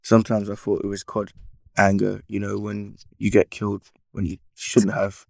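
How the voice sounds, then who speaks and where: Flat, gravelly young man, laid-back. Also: lowish voice, normal speed, dry recording. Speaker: podcast co-host. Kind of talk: casual chat.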